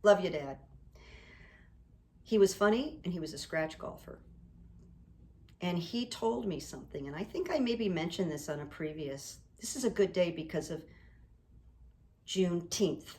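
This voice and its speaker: A middle-aged woman hosting her own video channel, talking in a rambling, earnest way to camera and reading quotes out slowly. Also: lowish voice, expressive, a little mellow. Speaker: psychic coach and YouTube host. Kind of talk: casual to-camera monologue.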